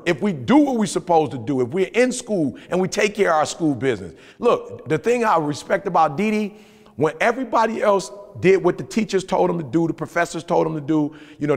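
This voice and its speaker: Man, high voice, gravelly, motivational podcast talk, animated storyteller, reverberant room. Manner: animated storytelling, repeats phrases, rising emphatic pitch. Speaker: podcast co-host.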